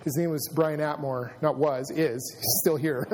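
A man's voice: fairly high pitch, steady tone, unhurried, background noise. A middle-aged man preaching a sermon, telling a personal story and building to emphatic preaching. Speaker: pastor. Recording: long hall reverb.

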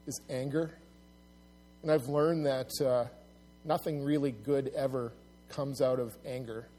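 A pastor preaches to his congregation, earnest and plain-spoken, frequently restarting his sentences. When he acts out mockers, his voice climbs loud and high.

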